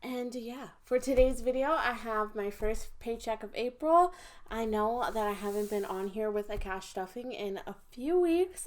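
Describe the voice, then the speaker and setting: A woman's voice: fairly high pitch, darkish tone. A woman in her twenties chatting casually to camera about her budget, upbeat and talkative. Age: 20s. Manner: chatty, upbeat, talks while counting cash. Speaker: budgeting vlogger.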